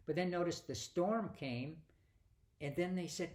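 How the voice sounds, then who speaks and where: A man with a slightly high voice delivers a Bible teaching in a relaxed, conversational way. He asks rhetorical questions and switches into the voices of the people he quotes. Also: measured pace. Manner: animated, acts out quoted dialogue, rhetorical questions.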